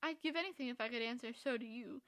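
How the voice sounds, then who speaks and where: A woman voicing a charming, playfully mocking young gentleman in a storybook reading. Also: a little high, fast, close to an everyday voice. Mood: teasing.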